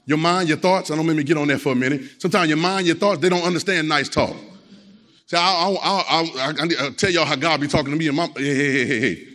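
A man's voice: fairly high pitch, fast talker, a bit bright. A man preaching a Sunday sermon, emphatic and repetitive, calling out to the congregation. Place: church. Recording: long church hall reverb.

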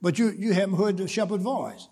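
A man's voice: high voice, a little fast, dark tone, slightly rough, big-room sound. A man preaching a sermon, repeating words and building to emphatic points. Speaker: pastor.

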